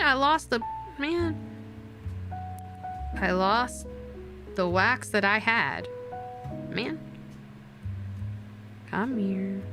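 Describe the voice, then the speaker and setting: A young woman streams while doing a craft, chatting casually with her viewers and getting excited easily. Her voice is on the high side.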